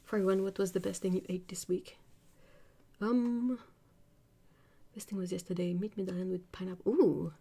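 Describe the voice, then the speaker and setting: A woman's voice: medium pitch, steady tone, moderate pace, vocal fry, long pauses, mellow. A woman from Britain hosting a casual art livestream, reading viewer comments aloud, chatting and laughing often. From United Kingdom.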